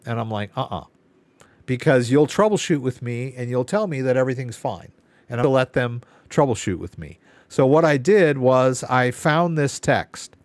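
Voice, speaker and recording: A man chatting on a live Q&A stream, wandering through a long story with tired, exasperated asides. His voice swings widely in pitch as he talks. The sound is dry and close, with no room echo. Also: animated, moderate pace, a little mellow. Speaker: live Q&A host. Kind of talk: casual live-stream chat.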